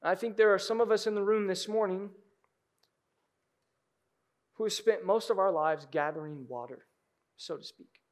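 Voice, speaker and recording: High-voiced man preaching with dynamic swings. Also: moderate pace, long pauses. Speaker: pastor. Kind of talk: sermon. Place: church sanctuary.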